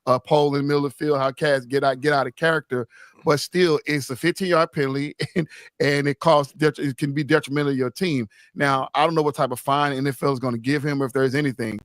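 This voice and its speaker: A man's voice: mid-range voice, steady tone, quick pace, dry recording, clean studio sound. A man hosting a casual sports podcast, talking loosely and reading out listener comments. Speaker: podcast host.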